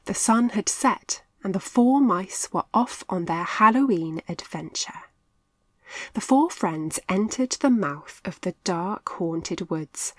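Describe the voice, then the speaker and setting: A woman narrating a children's story in an expressive, clear reading voice. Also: mid-range voice, no room sound. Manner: lively, expressive, slow and clear.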